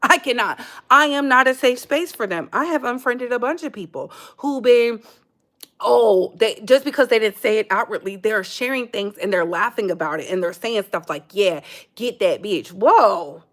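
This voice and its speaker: A woman's voice: on the high side, lively intonation, moderate pace, a bit bright. An American woman hosting a casual commentary channel, talking in a sassy, emphatic way and calling her listeners "baby.".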